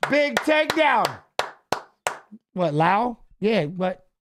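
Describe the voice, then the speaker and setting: A middle-aged man hosting a fight watch-along, chatting casually and coaching the fighters aloud with excited calls. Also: high-pitched, drawn-out words, background noise. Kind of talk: casual live fight commentary.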